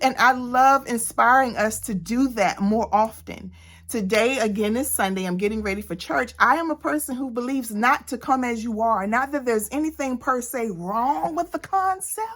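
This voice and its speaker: A woman talking casually to camera as a beauty vlogger, animated and playful, sometimes preaching, addressing viewers directly. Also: a little high, moderate pace. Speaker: beauty vlogger and cosmetics consultant. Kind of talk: casual vlog chat.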